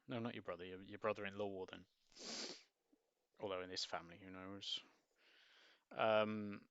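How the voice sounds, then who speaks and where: A man with a low, gravelly voice that still has a bright, forceful edge reads a children's book aloud. He keeps stopping to muse in wry, hesitant asides. The recording sounds dull and lo-fi. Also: fairly quick, no echo. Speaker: book reviewer. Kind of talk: reading a picture book aloud with commentary.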